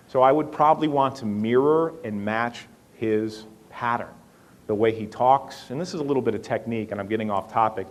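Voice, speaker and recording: A middle-aged man giving a workshop talk, telling stories in a lively way and talking fast with sudden slow stretches. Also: medium pitch. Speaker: workshop speaker. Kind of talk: workshop talk on personality types.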